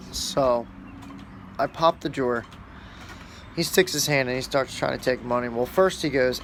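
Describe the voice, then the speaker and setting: Casual talker: a man, blunt and foul-mouthed, rambling storytelling, middle pitch, faint background noise. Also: moderate pace, pauses often. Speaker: store shift supervisor.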